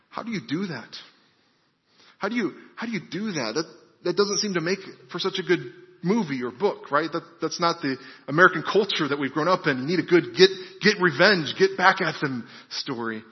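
A man's voice: fairly high pitch, long reverb tail, highs cut off. A man preaching a sermon who keeps asking his listeners questions and repeating phrases for emphasis. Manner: preaching with rhetorical questions and repetition. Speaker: pastor.

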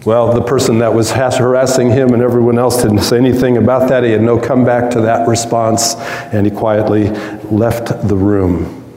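A man's voice: mid-range voice, level tone, normal speed, warm tone, roomy sound, big-room sound, poor audio. A man preaching a sermon as a pastor, conversational, with asides to the congregation.

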